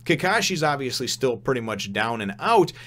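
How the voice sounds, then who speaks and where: A man's voice: medium pitch, big pitch swings, normal speed, fairly bright tone. Rambling man recapping a manga chapter. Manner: rambling, with many restarts and fillers; retells the scenes with quoted dialogue. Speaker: manga reviewer and host.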